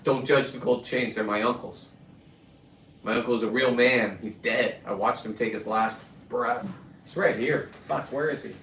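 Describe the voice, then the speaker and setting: A man's voice: medium pitch, normal speed, fairly bright tone, slight background noise. A middle-aged man rambling through a profane, boastful story as host of his own videos. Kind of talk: rambling casual monologue. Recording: echoey and distant with faint ambience.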